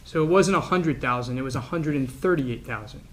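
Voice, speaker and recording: A man's voice: mid-range voice, brisk. A man in a courtroom questioning a witness with short, plain questions. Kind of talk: courtroom direct examination.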